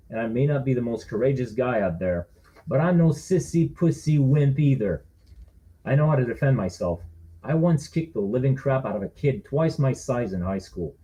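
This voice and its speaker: A man's voice: medium pitch, warm tone, low-quality recording. A man, the author, reading his own thriller aloud in a wry, conversational first-person narration.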